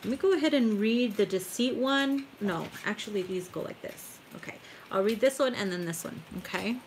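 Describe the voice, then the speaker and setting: A woman's voice: medium pitch, moderate pace, noisy background. A woman giving a casual live tarot reading from her home tarot room, chatty and giggly, swearing freely. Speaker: tarot reader.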